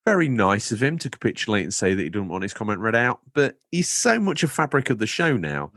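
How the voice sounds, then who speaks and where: A male podcast co-host in loose, casual chat, playful and rambling as he wanders into absurd tangents. His voice is on the low side but swings widely in pitch, and the recording is close and dry. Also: sing-song, fast, few pauses, fairly bright tone, dry recording.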